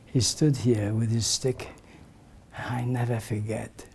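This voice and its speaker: Older man, slow and softly reflective. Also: mid-range voice, level tone, a little hiss or hum. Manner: slow, reflective storyteller, often dropping to a soft, breathy near-whisper. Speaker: community elder sharing memories. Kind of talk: reminiscing talk to a gathering.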